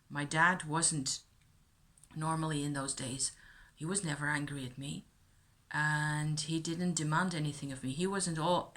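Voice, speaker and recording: Low-voiced woman musing aloud. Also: fairly bright tone. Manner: thoughtful, musing, with many fillers and restarts. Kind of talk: personal reflective monologue.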